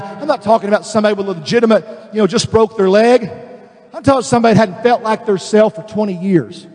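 A male pastor preaching a sermon, animated and emphatic, acting out voices of the people he describes. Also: sits high, fast, in a large hall. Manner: animated, acts out quoted voices, builds to emphatic declarations.

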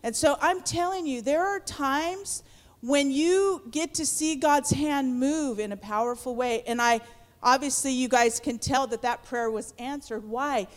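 A woman's voice: high-pitched, measured pace. A woman giving an earnest testimony in church. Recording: long hall reverb.

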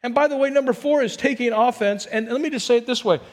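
Talking fast in a very high voice, a middle-aged pastor preaches a story-driven, personal sermon. His conversational delivery swings from forceful, loud moments to soft, whispered asides.

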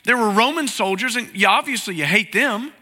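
A pastor with a high, strikingly bright and sharp voice delivers a conversational sermon full of rhetorical questions. He speaks expressively and briskly, with the long reverb of a large church sanctuary behind him.

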